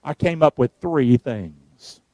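A male preacher, giving a sermon, calling on the congregation to answer and shouting verses out. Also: medium pitch, lively intonation, takes it slowly, no echo. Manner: calls for responses, shouts the verses out.

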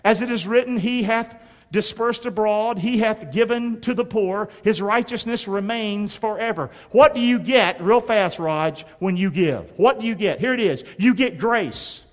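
A man's voice: sits high, big-room sound. A man preaching a sermon as pastor, emphatic and drawing the congregation to respond. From North Carolina.

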